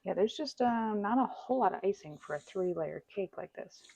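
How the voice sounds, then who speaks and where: A woman baking at home chats while decorating a cake, poking fun at herself and laughing often. Her medium-pitched voice is animated, brisk, creaky and mellow, captured dry on a wireless mic.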